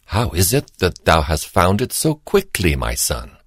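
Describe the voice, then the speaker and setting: A man voicing an old blind father near death, in a slow, solemn scripture-reading cadence. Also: low-pitched, wildly swooping pitch, a bit bright, breathy edge, no echo, clean studio sound, heavily acted.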